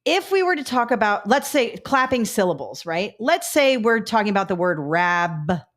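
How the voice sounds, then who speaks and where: A middle-aged woman teaching a live test-prep webinar, upbeat and coaching, talking through examples out loud. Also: medium pitch, very animated, moderate pace.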